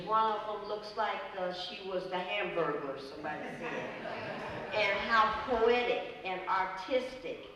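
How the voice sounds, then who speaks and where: A woman's voice: mid-range voice, highs cut off. Woman doing a heated memorial speech, voice sounds far away in a big echoey hall, room noise faint. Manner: passionate storytelling, acts out quotes with lively shifts. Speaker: speaker at a memorial.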